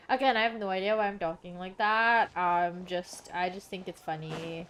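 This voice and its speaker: A woman's voice: fairly low pitch, steady tone, moderate pace, hardly any pauses, fairly bright tone, slight background noise. A woman streamer giving casual, joking gameplay commentary, chatty and sometimes swearing.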